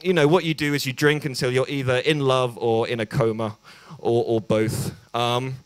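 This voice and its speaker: Young English male comic, awkward and self-mocking, mid-pitched, stumbling delivery, close dry recording. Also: steady tone, normal speed, clear, resonant tone, no room sound. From England. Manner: hesitant and self-deprecating, many ums and restarts. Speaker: stand-up comedian. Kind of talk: stand-up set at an open mic. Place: small bar venue.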